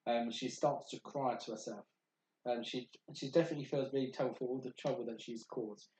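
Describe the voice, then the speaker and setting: A man narrating a tabletop game as game master, halting with many ums and restarts. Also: mid-range voice, fairly even intonation, a little mellow, slight background noise. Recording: echoey room.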